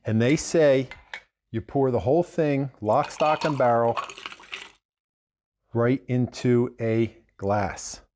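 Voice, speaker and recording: A man talks through his cocktail recipes in an easygoing, meandering way. He wanders off on asides and corrects himself mid-sentence, with a voice of middling pitch. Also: slow pace, long pauses, darkish tone, a little hiss or hum. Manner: chatty, digressive, self-correcting. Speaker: bartender host. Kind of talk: casual cocktail demonstration.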